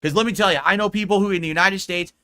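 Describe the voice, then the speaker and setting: A man on a livestream rants at his critics with profanity and mockery. His voice sits a little high and sounds bright and forceful, with a combative edge. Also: steady tone, rapid-fire, smooth.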